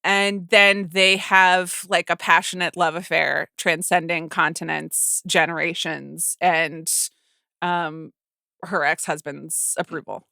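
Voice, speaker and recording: A woman's voice: on the low side, flat delivery, slow, gravelly, bright, forceful tone, no echo, clean studio sound. A woman hosting a podcast, chatting casually about movies with many fillers and restarts. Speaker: podcast host. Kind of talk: casual chat.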